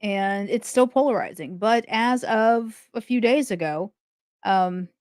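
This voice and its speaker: A woman's voice: on the high side, measured pace, darkish tone, dry recording. Dry-voiced woman commentator. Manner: indignant, conversational, talks things through aloud. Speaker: true crime commentator. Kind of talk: casual commentary.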